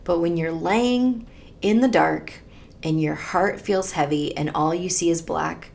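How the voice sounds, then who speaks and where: A woman on a faith podcast recounts a personal moment in an earnest, tender way. Her voice sits low with a gravelly edge. Soft laughs slip in as she talks. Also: measured pace, a little hiss or hum. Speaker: podcast co-host. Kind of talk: reflective faith podcast conversation.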